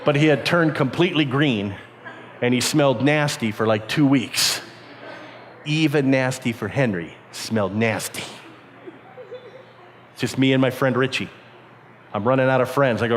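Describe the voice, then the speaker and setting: A man telling a lively childhood story to a youth camp, often jumping into high squeaky voices to play the kids he quotes. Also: moderate pace, long pauses, slight background noise. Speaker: camp speaker. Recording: reverberant hall.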